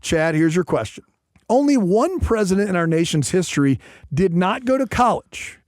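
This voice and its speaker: A man's voice: sits high, no room sound, clean studio sound. A man co-hosting a radio quiz show, bantering playfully and teasing his partner. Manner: lively, teasing, quick laughs.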